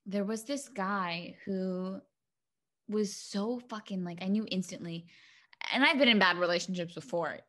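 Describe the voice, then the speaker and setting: A young woman with a sharp-toned, mid-range voice co-hosts a podcast, chatting casually. She swears freely and fills her speech with "like" and "um."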